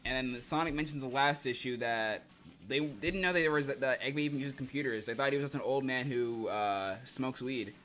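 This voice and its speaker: Joking young male streamer, bright voice. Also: mid-range voice, fairly quick, faint music behind. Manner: rambling, joking, laughs often. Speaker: streamer reading comics. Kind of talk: casual livestream commentary.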